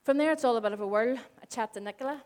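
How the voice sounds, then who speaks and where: A woman's voice: fairly high pitch, very fast. Storytelling woman in her forties preaching. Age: 40s. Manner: animated storytelling, acts out quoted dialogue. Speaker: church speaker. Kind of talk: conversational sermon with stories. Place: church hall before a congregation.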